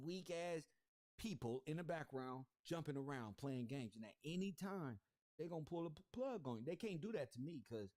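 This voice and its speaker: Confrontational livestream host, a man, slangy and repetitive, slightly high voice, dry close sound. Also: darkish tone, no room sound. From South Central Los Angeles. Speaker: YouTube commentary host. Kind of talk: livestream commentary rant.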